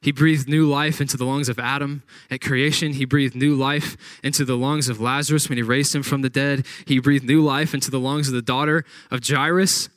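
A man's voice: medium pitch, little pitch movement, brisk, hardly any pauses, fairly bright tone, no room sound. Preacher man with a dry close sound. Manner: dramatic retelling with acted-out quotes. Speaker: pastor. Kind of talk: sermon.

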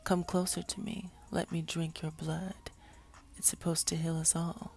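A woman's voice: on the low side, flat delivery, a little slow, gravelly, darkish tone. A woman voicing a tormented male fallen angel who growls, moans and bursts into screams in a whispered story reading. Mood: mad.

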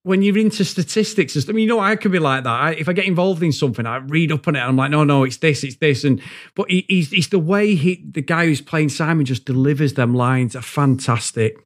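A man's voice: a little high, fast. A man co-hosting a podcast, chatting casually about a comedy series, laughing and swearing often as he acts out scenes. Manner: laughing, swearing, acting out quotes. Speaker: podcast co-host. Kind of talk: casual chat.

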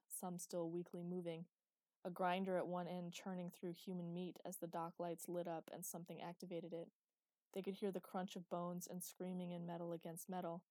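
A woman narrating a science fiction audiobook in a steady storytelling manner. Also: lowish voice, dry recording. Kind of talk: scripted narration.

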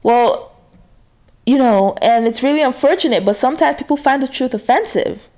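A woman's voice: high-pitched, normal speed, a little mellow. A woman talks straight to her audience in a loose, confessional ramble. She is blunt and swears without hesitation, and her sentences keep restarting around fillers like "you know.". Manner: frank, swears freely, many fillers and restarts. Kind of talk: casual confessional monologue.

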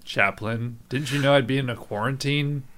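A man's voice: mid-range voice, fairly even intonation, normal speed, a bit bright. A man co-hosting a casual movie podcast, playful and teasing. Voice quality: blond. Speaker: podcast co-host. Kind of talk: casual movie review chat.

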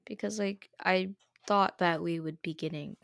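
Gravelly-voiced woman, dry and close. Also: on the low side, steady tone, unhurried, no room sound. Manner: hesitant, trailing off, many fillers. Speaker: podcast co-host. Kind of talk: casual chat.

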